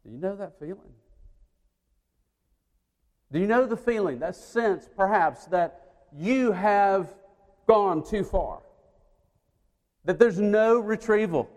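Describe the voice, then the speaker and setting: Slow-talking preacher man in a reverberant hall. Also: high voice, expressive. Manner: storytelling, acting out voices, swinging from loud to hushed. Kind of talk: sermon.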